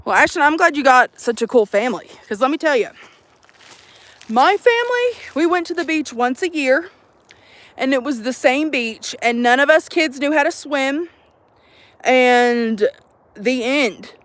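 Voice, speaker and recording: A young woman vlogging to her phone outdoors at a campsite, chatting in an animated, profane, jokey way. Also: high voice, unhurried, no echo. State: out of breath. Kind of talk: casual chat to camera.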